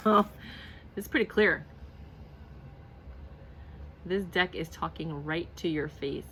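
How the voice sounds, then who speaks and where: A woman with a lowish, somewhat bright voice reviews a tarot and oracle card deck on camera, gushing casually, repeating herself and laughing often. A little hiss or hum sits under the recording.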